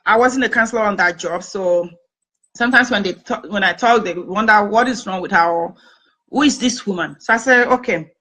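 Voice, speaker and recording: A woman's voice: medium pitch, brisk, sharp tone, poor audio. A woman chatting on a talk show, earnestly giving advice and retelling conversations. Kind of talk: casual talk-show chat with storytelling.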